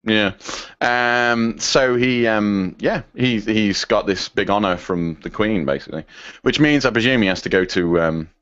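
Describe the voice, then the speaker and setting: A man's voice: on the low side, measured pace, no room sound, dull audio. A man co-hosting a podcast in casual chat, laughing often and slipping into funny voices. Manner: laughing, lively, does funny impressions. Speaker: podcast co-host.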